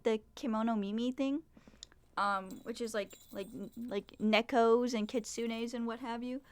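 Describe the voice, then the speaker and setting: A woman's voice: on the high side, clear, resonant tone. A young adult woman chatting casually to viewers on a livestream, swearing and trailing off, at a desk microphone. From Mexican heritage. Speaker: streamer.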